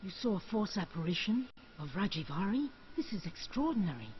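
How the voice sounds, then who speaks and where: Brief: actress as excited scholarly woman Jedi, faint ambience. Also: medium pitch, fairly quick, lo-fi sound, slight background noise, natural voice. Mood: eager. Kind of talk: video game voice acting.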